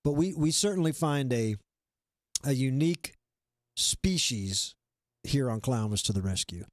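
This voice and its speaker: A man's voice: mid-range voice, animated, a little slow, no room sound, clean studio sound. A man hosting a livestream, chatting loosely and reading out viewer comments in a rambling, self-deprecating way. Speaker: livestream host. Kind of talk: casual chat.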